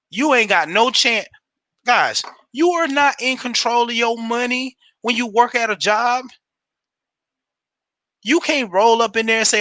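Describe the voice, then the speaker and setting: A man giving a casual, slangy pep talk on a livestream, animated and laughing often. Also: very high-pitched, no room sound. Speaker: home business promoter on a livestream.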